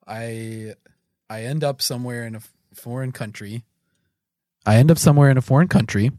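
A man's voice: medium pitch, moderate pace, warm tone, dry recording, clean studio sound. A man co-hosting a casual comedy podcast, tossing off playful quips. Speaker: podcast co-host.

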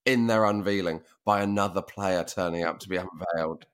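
A man's voice: low-pitched, fairly even intonation, brisk, clear, resonant tone. A man co-hosting a podcast, making wry, sarcastic remarks and swearing casually. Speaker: podcast co-host. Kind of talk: casual film review chat.

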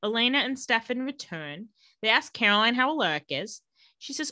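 A woman co-hosting a podcast, recapping a TV episode in casual, animated storytelling that is often broken up by laughter. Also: fairly high pitch, moderate pace, no room sound, clean studio sound.

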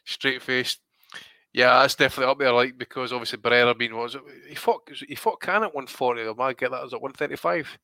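A man's voice: mid-range voice, fast, sharp tone, dry recording. A man co-hosting a casual podcast, swearing and sarcastic. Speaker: podcast co-host.

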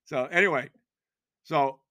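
A man in his sixties, hosting a podcast, tells a rambling, animated story in casual chat, repeating himself and laughing along the way. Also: fairly high pitch, measured pace, no echo, clean studio sound. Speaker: podcast host.

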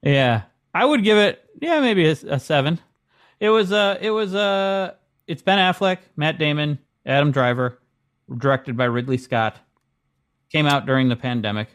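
A man co-hosting a casual comedic podcast, talking in an earnest, animated way. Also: a little high, moderate pace. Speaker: podcast co-host.

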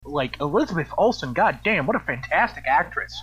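A man hosting a casual chat, animated and quick to swear and laugh. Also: a little high, slightly rough. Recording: dull lo-fi recording.

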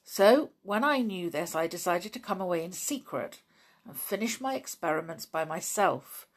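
An earnest middle-aged scientist father explains himself in a storybook, as a woman reader puts him on. The voice is husky and swings in pitch. He speaks with grave, urgent care. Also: animated, moderate pace. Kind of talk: audiobook reading.

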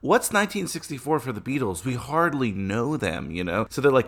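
Rambling, animated man with a low voice. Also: brisk, hardly any pauses. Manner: animated, rambling storyteller, laughs often. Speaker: podcast guest. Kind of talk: casual chat.

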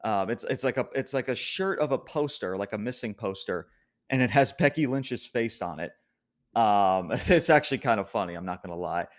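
A man's voice: lowish voice, expressive, normal speed. A young man casually recapping a wrestling show as a podcast host, rambling with many restarts and frequent laughs.

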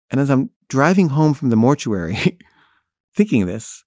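A filmmaker telling a personal story in first person, wry and candid, laughing at himself. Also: male voice, mid-range voice, a little fast, a little mellow, no room sound, clean studio sound.

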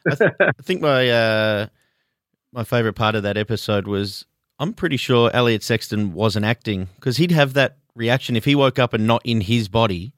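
A man's voice: mid-range voice, lively intonation, moderate pace, a bit bright, dry recording. Joking man in a dry-sounding chat. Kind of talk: casual chat.

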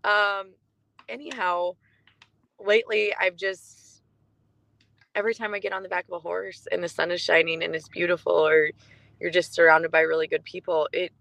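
A woman in her forties co-hosting a podcast, speaking in casual chat with a halting, heartfelt delivery full of fillers. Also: fairly low pitch, flat delivery, gravelly, a bit bright, dry recording, low-quality recording. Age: 40s. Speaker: podcast co-host.

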